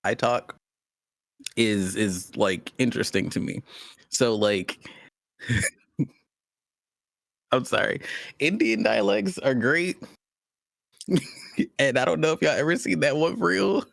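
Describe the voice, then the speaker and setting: A man, co-hosting a casual podcast chat, animated and laughing often. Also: mid-range voice, takes it slowly, gravelly, long pauses, no echo, clean studio sound. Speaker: podcast co-host.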